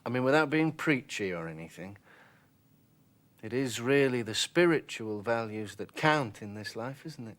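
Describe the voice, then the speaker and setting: An actor playing a naive young gentleman who talks in an earnest, well-mannered and awkwardly polite way. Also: mid-range voice, lively intonation, normal speed, close to an everyday voice. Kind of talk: 1990s television drama acting.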